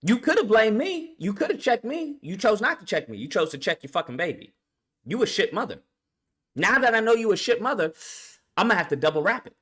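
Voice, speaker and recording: A man's voice: high-pitched, sing-song, brisk, a bit bright, breathy edge. A man vlogger ranting bluntly and profanely in a commentary video, full of rhetorical questions.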